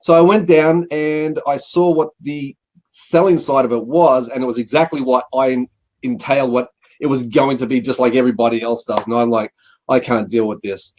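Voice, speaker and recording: In a relaxed interview, a middle-aged Australian man rambles through work stories at normal speed. His medium-pitched voice is a little mellow with fairly even intonation, and he keeps saying "he says" while acting out other people's words.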